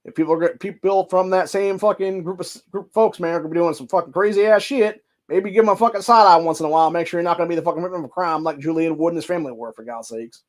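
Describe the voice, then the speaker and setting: Host, male, Ohio accent, reads news aloud then rants hot and crude; voice sits a bit high. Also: racing, few pauses. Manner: heated, profane ranting between stretches of reading. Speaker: podcast host. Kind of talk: reading news articles aloud with profane commentary.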